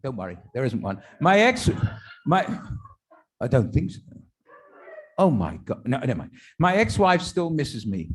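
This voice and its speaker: A rabbi tells his congregation a string of jokes, dropping chatty, self-deprecating asides between punchlines like a stand-up act. His mid-range voice is very animated and slightly rough, and he speaks a little slowly.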